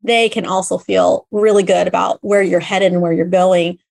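A woman hosting a podcast interview, talking in a lively conversational way and acting out quoted voices. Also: fairly low pitch, normal speed, vocal fry. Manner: animated, acts out quoted voices. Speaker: podcast host.

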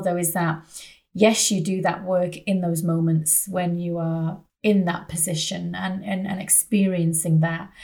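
A woman's voice: lowish voice, gravelly, darkish tone. A woman hosting an interview, empathetic and thinking aloud as she sums up her guest's story. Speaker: podcast host. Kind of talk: casual interview chat.

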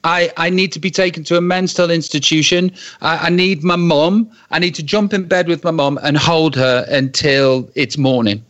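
A man telling a comic story with dramatic pauses and acted-out quotes. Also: fairly high pitch, fairly even intonation, fairly bright tone, muffled recording.

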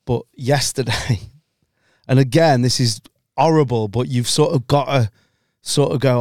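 A man's voice: mid-range voice, a little slow, a little mellow, no room sound, clean studio sound. A man from England co-hosting a podcast, bantering and joking in casual chat, swearing freely. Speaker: podcast co-host.

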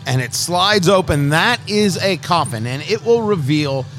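Male host from Brooklyn and New Jersey, high voice, brash and teasing showman for a cigar chat. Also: expressive, unhurried, fairly bright tone, faint music behind. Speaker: podcast host. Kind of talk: casual cigar review chat.

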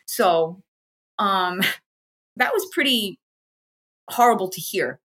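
Husky-voiced American woman telling her story. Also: mid-range voice, animated, takes it slowly, fairly bright tone. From United States. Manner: chatty, frank, acts out quoted people. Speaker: interview guest. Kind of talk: casual personal storytelling.

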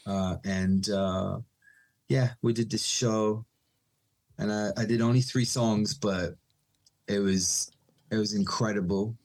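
Animated man in a casual podcast chat. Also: fairly low pitch, slow pace, long pauses. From Israel. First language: Hebrew. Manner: animated storytelling, acts out quoted voices, laughs often. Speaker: podcast guest, DJ and producer.

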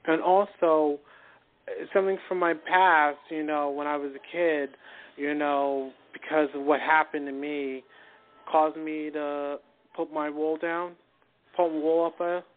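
A man's voice: fairly high pitch, little pitch movement, measured pace. A young man, a college student, calls in with a question and speaks hesitantly, with fillers. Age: young adult. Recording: tinny phone line.

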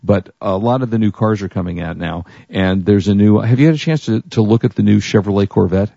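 A man's voice: on the low side, a little fast, creaky, mellow, breathy edge, no echo, dull audio. A man hosting a technology radio show, talking casually in a rambling, chatty way and correcting himself as he goes. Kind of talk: casual tech radio talk.

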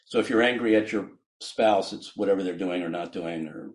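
A man's voice: low voice, fairly quick. A man, a physician guest on a podcast, explaining his ideas earnestly with frequent laughs and restarts.

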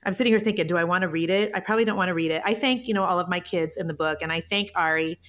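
A woman's voice: on the low side, rapid-fire, fairly bright tone. Emotional, earnest woman in her forties. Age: 40s. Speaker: podcast guest. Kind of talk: conversational interview.

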